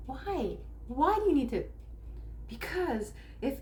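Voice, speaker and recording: A woman from Northern California who works as a spiritual coach and tarot reader talks casually to camera. She rambles with restarts and slows down to stress her key points. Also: high-pitched, very animated, a little mellow, a little hiss or hum. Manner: rambling, with restarts and acted-out quotes.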